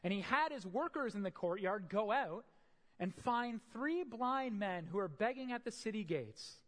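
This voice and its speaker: A preacher tells a parable and then explains it in a sermon. The delivery is emphatic and animated, with a lively pitch and frequent "right?" asides. A long reverb trails through the hall. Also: moderate pace. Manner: storytelling, emphatic, often adds "right?".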